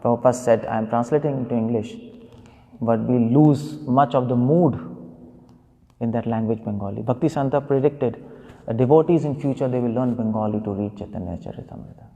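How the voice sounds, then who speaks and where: A male preacher gives a loose, wandering scripture class, quoting verses and asking his listeners questions. His voice is dark and mellow with a gravelly edge. A long reverb trails his words through a temple hall. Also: medium pitch, fairly quick. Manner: digressive, thinking aloud.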